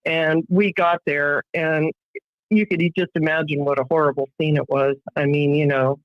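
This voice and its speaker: A woman's voice: deep voice, steady tone, normal speed, no echo. Middle-aged woman, podcast guest, emotional storyteller who acts out what others said; dry, dull lo-fi audio. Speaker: interview guest. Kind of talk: emotional personal account.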